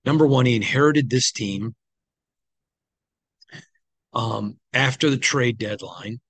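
A man's voice: mid-range voice, slow pace, a bit bright, no echo. A man hosting a sports team recap podcast, talking in a conversational, opinionated way with frequent ums, sounding tired. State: tired, yawning. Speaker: sports team insider host.

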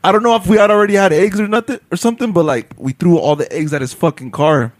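A man's voice: sits high, fast talker, no echo. A man telling a story in a casual, slangy chat, swearing and laughing often.

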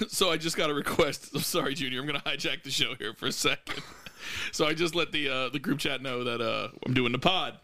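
A man co-hosting a podcast in casual chat, animated, laughing often and swearing freely. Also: mid-range voice, fairly quick, no room sound. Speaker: podcast co-host.

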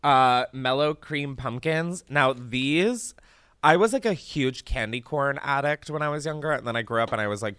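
A man hosting a podcast in casual chat, animated and chatty, swearing freely and laughing often. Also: medium pitch, normal speed, clear, resonant tone, no echo. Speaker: podcast host. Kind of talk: casual chat, candy taste test.

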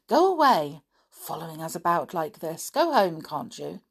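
A woman voicing an eager, bold schoolboy guide in a storybook reading, talking quickly and urgently. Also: deep voice, sing-song, creaky, breathy edge, exaggerated voice. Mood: shooing.

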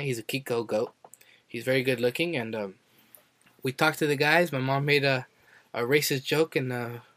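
In a casual podcast chat, a young male co-host rambles through a story, voicing what others said with sudden high jumps. His voice is a bit bright, and the recording is dry.

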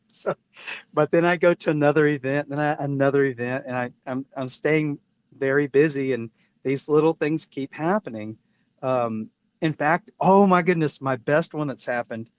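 A man telling stories in casual chat as a podcast guest, rambling and animated, often restarting and quoting people. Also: mid-range voice, no echo. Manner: rambling, animated, many restarts and quoted voices. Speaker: podcast guest, product maker. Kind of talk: casual storytelling.

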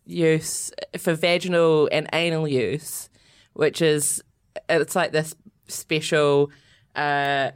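Woman, low deep voice, chatty, laughs a lot, podcast co-host. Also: takes it slowly, clean tone. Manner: chatty, laughs often, animated when amused. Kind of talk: casual chat.

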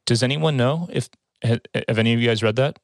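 A man hosting a casual podcast chat, joking and rambling and speeding up when excited. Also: mid-range voice, fast, no room sound, clean studio sound. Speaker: podcast host.

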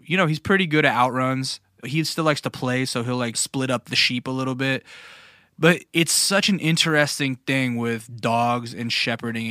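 A man's voice: medium pitch, pushed and bright, no echo, clean studio sound. A man hosting a podcast, telling stories in a loose, rambling and profane way. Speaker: podcast host. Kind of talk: casual monologue.

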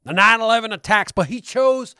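A man doing an impression of a ranting male conspiracy radio host, blustering and shouty. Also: high-pitched, a little fast, clean tone, no echo, studio quality, voice pushed up.

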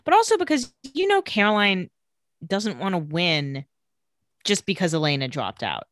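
Podcast co-host, young woman, lower pitch, animated retelling, dry studio sound. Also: moderate pace, dry recording. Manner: animated, giggly, acts out quotes lightly. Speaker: podcast co-host recapping a TV episode. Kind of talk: casual chat, retelling scenes.

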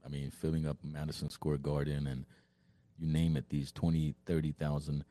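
A man's voice: very deep voice, flat delivery, normal speed, dark tone, no room sound. A man co-hosting a podcast who tells anecdotes casually and laughs often. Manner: laughs often while talking. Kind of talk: casual chat.

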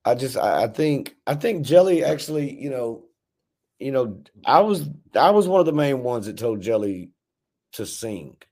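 A man's voice: medium pitch, very animated, normal speed, warm tone. A man, a rapper guesting on a podcast, telling long stories with heavy swearing and lots of restarts. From Memphis, Tennessee. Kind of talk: casual storytelling conversation.

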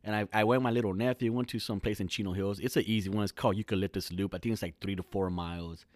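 A man's voice: fairly low pitch, steady tone, quick pace, no room sound. A man in his thirties from California, talking alone in a casual, rambling, profane podcast monologue full of slang.

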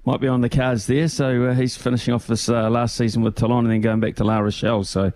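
Relaxed New Zealand radio host. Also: male voice, mid-range voice, fast talker. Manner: relaxed, good-humoured, chuckling. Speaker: radio host joining from another region. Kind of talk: casual radio chat.

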